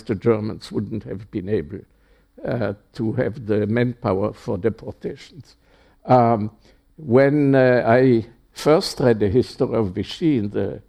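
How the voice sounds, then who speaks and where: An older man from Czechoslovakia, speaking haltingly with many fillers and restarts in an oral history interview. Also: mid-range voice, vocal fry, dark tone.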